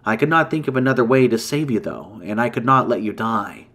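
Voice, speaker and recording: A man voicing an ancient, grave female dragon in human form, speaking in a measured, formal way in a campfire story. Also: medium pitch, animated, fairly bright tone. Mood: sorrowful. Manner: solemn, measured, formal speech.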